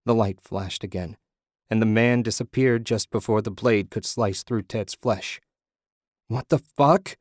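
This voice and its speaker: A man narrating a horror story in a steady, measured reading. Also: lowish voice, no room sound, studio quality.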